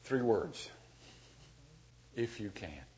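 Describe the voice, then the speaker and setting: A man preaching a sermon as pastor, dynamic, dropping to a hush and then rising loud and emphatic. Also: lowish voice, expressive, drawn-out words.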